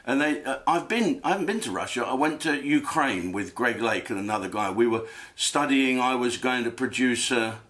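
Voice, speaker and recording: A man's voice: medium pitch, expressive, moderate pace, a bit bright. A man hosting a comedic rant from his home den, crude and rambling, swearing freely. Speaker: host.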